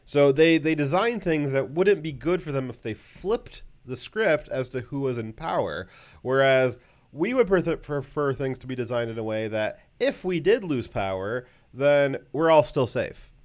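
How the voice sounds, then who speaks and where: A man's voice: medium pitch, expressive, moderate pace. A man hosting a casual political talk show, rambling with many fillers and a sarcastic edge. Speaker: show host.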